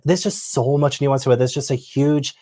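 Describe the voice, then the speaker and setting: A man's voice: medium pitch, normal speed, mellow. A man hosting a casual chat, talking thoughtfully and rambling with many fillers. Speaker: host.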